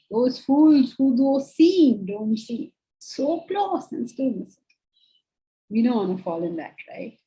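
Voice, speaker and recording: Woman, spiritual teacher, warm mellow tone, earnest lecturing. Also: on the high side, rough recording. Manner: earnest, animated, acts out quoted inner voices. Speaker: Vedanta teacher.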